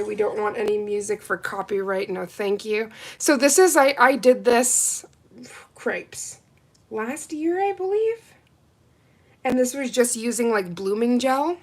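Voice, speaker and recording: A woman hosts a live nail art stream, taking her time as she talks. She gushes with excitement over each color and chats casually with her viewers. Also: mid-range voice. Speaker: nail art livestream host. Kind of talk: casual live unboxing chat.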